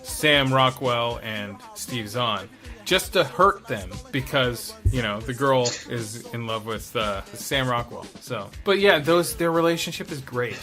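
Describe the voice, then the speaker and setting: A man co-hosting a casual movie podcast, relaxed as he recaps plots and laughs along. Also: medium pitch, measured pace, faint music behind. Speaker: podcast co-host.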